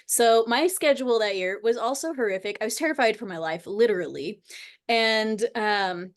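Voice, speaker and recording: A woman's voice: on the high side, moderate pace. A woman in her thirties or forties hosting a casual chat, telling a personal story earnestly and rambling, full of "like.". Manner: earnest, rambling, heavy use of "like". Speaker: host.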